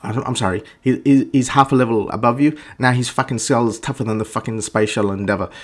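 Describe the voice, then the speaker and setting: Profane ranting man, mid pitch. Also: fast. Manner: profane, blunt, stammers and restarts. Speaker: gaming vlogger. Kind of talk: ranting game review monologue.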